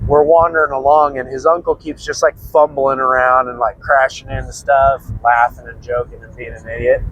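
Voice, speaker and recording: A man's voice: mid-range voice, little pitch movement, moderate pace, a bit bright, a little hiss or hum, low-quality recording. A young man casually telling a personal story, rambling and swearing freely as he goes. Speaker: prepping channel host.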